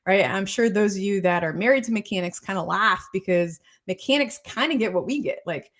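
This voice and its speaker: A woman's voice: medium pitch, brisk. Chatty woman doctor explaining things. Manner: repetitive, keeps checking in with "okay?" and "right?". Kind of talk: casual health talk explaining a protocol.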